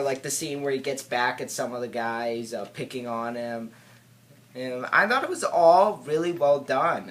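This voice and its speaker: A man's voice: mid-range voice, fairly bright tone. Hesitant young man reviewing a film. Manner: hesitant, halting, many filler words and restarts. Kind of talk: casual spoken film review.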